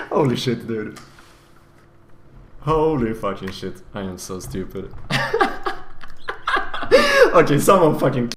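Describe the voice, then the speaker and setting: A man streaming a video game, chatting casually with swearing, laughing outbursts and sudden excitement. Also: mid-range voice, takes it slowly, pauses often, slight background noise.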